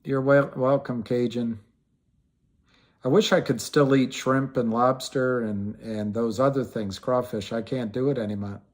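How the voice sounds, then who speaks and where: A man's voice: mid-range voice, fairly even intonation, unhurried. A man hosting a casual livestream, rambling with frequent restarts and trailing thoughts, and greeting viewers by name as he answers them. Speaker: livestream host.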